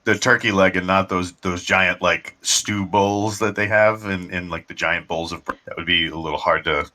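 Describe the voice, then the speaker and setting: A man with a low, bright voice joins in as a player at a tabletop game, hesitant and full of fillers but quick with a joke. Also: steady tone. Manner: hesitant, filler-heavy, joking. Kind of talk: casual tabletop game talk.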